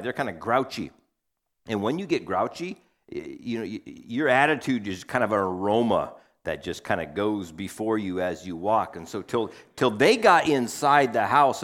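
Lowish-voiced man telling a sermon story. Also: a bit bright. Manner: conversational storytelling, acts out family voices. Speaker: preacher.

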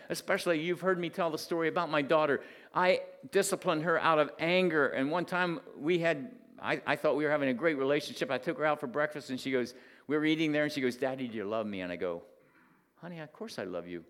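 A man preaching a sermon, moving between loud emphatic points and quiet, confiding stretches. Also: a little high. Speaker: pastor. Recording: long reverb of a hall.

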